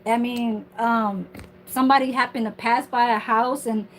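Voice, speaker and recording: A woman's voice: on the high side, steady tone, moderate pace, a little hiss or hum, poor audio. A woman ranting on her livestream from home in a casual, heated, profane and rambling way.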